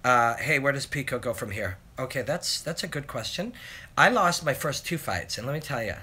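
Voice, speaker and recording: A man in his forties with a bright, forceful voice, chatting through a live stream Q&A. He rambles, reads viewers' questions aloud and pokes fun at himself. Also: medium pitch, lively intonation, moderate pace, husky. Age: 40s. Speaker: host. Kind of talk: live Q&A chat.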